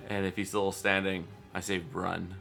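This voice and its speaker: Man, tabletop player, halting speech, low bright voice, faint music. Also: flat delivery, gravelly. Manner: hesitant, halting, self-correcting. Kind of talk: casual play chat.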